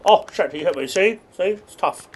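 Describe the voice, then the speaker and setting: A young man giving rambling, absurd deadpan commentary while playing a video game. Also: sits high, normal speed. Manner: rambling deadpan non-sequitur jokes. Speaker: gaming streamer. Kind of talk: absurd comedic gameplay commentary.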